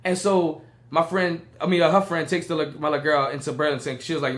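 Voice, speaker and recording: A man's voice: a little high, fast talker. A young man, telling a story on a podcast and acting out the voices of the people in it. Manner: animated, acts out quoted voices. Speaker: podcast co-host. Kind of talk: casual storytelling chat.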